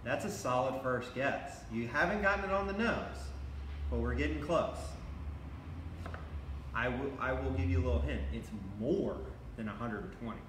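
A man's voice: medium pitch, moderate pace, echoey room, noisy background. A man teaching a live online cooking class for kids, upbeat and encouraging as he talks straight to the children.

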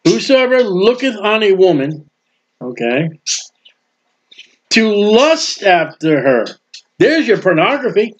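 A man preaching a sermon with emphasis, swinging between loud proclaiming and quiet asides. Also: high-pitched, very animated, slow, long pauses, muffled recording.

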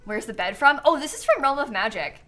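A woman with a slightly high voice chats to her live-stream viewers while playing, bubbly and quick to giggle. She sounds a little tired, and soft music plays faintly under her talk. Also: animated. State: yawning, tired. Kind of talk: casual live-stream game commentary.

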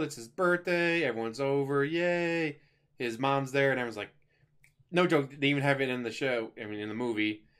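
A man's voice: mid-range voice, a bit bright. A man giving a casual spoken movie review, chatty and rambling, with offhand jokes as he retells the plot.

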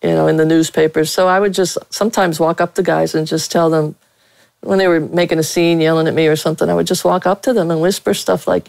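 A Pittsburgh woman and veteran sportswriter, guesting in a casual interview, tells blunt stories with many fillers and laughs. Her voice is on the low side and darkish, with vocal fry, fairly even intonation and a quick pace. The audio is poor but has no echo.

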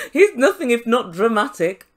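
A woman recapping a reality show in a sarcastic, mocking way, laughing often. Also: fairly high pitch. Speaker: YouTube reality TV reviewer.

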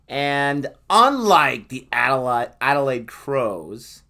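A man's voice: medium pitch, normal speed. Joking guy co-hosting a footy reaction vid, voice all over the place. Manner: playful, joking, animated. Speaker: co-host of a reaction channel. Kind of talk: casual reaction chat.

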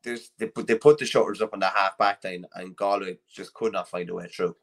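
A man's voice: low-pitched, fairly even intonation, fairly quick, creaky, fairly bright tone. An Irish man co-hosting a podcast, chatting loosely about a match with plenty of restarts. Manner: rambling, with many restarts and fillers. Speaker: co-host. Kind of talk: casual sports analysis chat.

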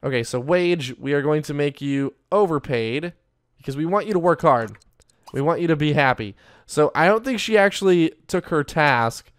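A man's voice: a little high, expressive, normal speed, smooth, no echo, clean studio sound. A young man giving casual, upbeat Let's Play commentary as he plays, often talking to his viewers directly. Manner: chatty, upbeat, talks to viewers as "you guys". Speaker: gaming YouTuber.

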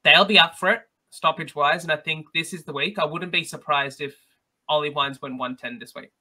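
A man's voice: on the high side, fairly quick, sharp tone. A man in a casual podcast chat, chatty and earnest when giving advice.

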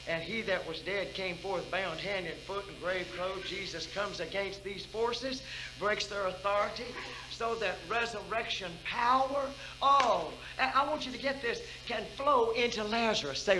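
An older woman preaching at a church revival meeting. She calls out questions to the congregation and swings between loud exhortation and hushed intensity. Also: mid-range voice, normal speed, low-quality recording. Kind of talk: fervent preaching.

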